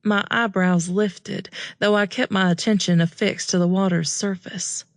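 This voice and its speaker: A woman narrating a first-person romance audiobook in a calm, steady, measured way. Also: medium pitch, dry recording, clean studio sound.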